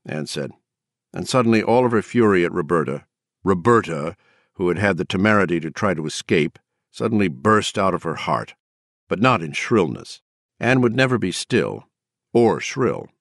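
A man narrating an audiobook in an expressive, measured reading. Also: low-pitched, no echo, clean studio sound.

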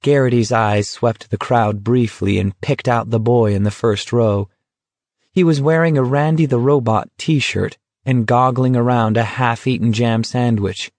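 A man narrating a novel in an even, unhurried storytelling manner. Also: mid-range voice, no echo. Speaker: audiobook narrator. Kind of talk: scripted narration.

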